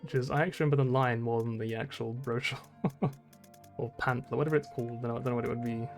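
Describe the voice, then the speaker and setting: A man's voice: mid-range voice, fairly even intonation, fast talker, soft background music. A young man casually commenting on his gameplay, rambling, swearing and laughing at himself. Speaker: streamer.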